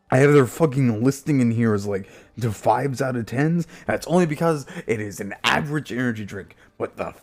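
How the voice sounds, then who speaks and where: A man streamer ranting casually and heatedly with lots of swearing, jumping into high silly voices to mimic people. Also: a little mellow. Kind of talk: casual rant on a live stream.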